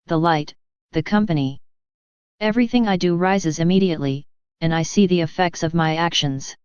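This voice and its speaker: A woman voicing Jesus in a devotional reading, speaking in a slow, solemn, measured way. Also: fairly low pitch, darkish tone, clear, resonant tone, dry recording, natural voice. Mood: lonely. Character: Jesus speaking tenderly to a soul, male. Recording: dull, dry, lo-fi audio.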